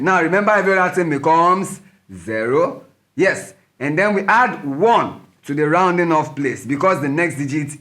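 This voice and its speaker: A man's voice: a little high, fairly bright tone. Patient man teaching a maths lesson. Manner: patient, methodical, counts digits aloud. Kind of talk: step-by-step maths tutorial.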